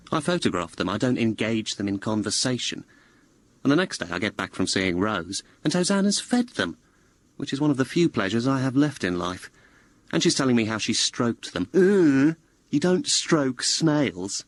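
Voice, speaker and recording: A glum, snail-obsessed young graduate narrating a radio comedy, voiced by a man. He talks in a wry, deadpan way at an ordinary male pitch. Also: lightly acted. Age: young adult. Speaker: narrator and lead.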